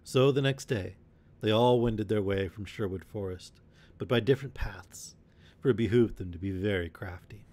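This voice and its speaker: A man with a fairly low voice reads an old adventure tale aloud at bedtime. His narration is measured and expressive. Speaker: storyteller. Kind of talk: bedtime story reading.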